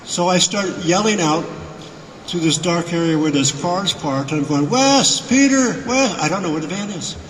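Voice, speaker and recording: A man guesting on a convention panel, telling animated anecdotes to a live audience and acting out the voices in his quotes. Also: fairly high pitch, moderate pace, slight background noise. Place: convention hall. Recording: echoey hall, miked from afar.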